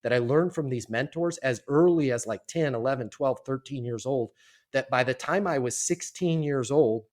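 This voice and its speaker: A man of fifty, a guest on a podcast, telling his life story in a casual, animated way and acting out the voices of the people in it. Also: medium pitch, normal speed. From Colorado, US. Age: 50s. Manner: animated storyteller, acts out quoted voices, repeats words.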